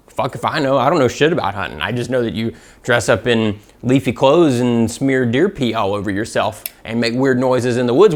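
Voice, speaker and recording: A man with a Southern American accent giving a comedic, profane, self-mocking gun review. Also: medium pitch.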